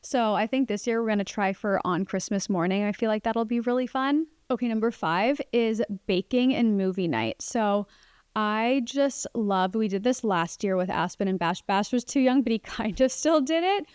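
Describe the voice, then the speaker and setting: A woman's voice: medium pitch, moderate pace, clean tone, no echo, clean studio sound. A young woman hosting a casual solo podcast, chatting about family life with lots of "like" fillers. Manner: chatty, warm, many "like" fillers. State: pregnant. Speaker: podcast host.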